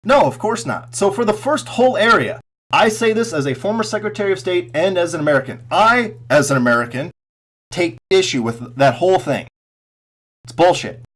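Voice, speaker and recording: A man delivers a furious, profanity-laced rant in a slightly high voice. He mocks his target with sarcasm, and his volume swings from loud outbursts down to mutters. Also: expressive, moderate pace, husky. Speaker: political commentary vlogger.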